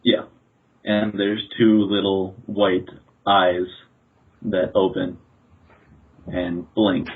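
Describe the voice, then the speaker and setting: A man narrating his part of a storytelling game at a deliberate pace with many pauses. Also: deep voice, little pitch movement, breathy edge. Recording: tinny phone-like audio.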